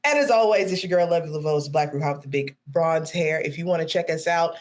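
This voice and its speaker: A woman's voice: deep voice, fast. A middle-aged woman guesting on a podcast, talking bluntly and playfully with lots of swearing, sounding tired. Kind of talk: casual chat.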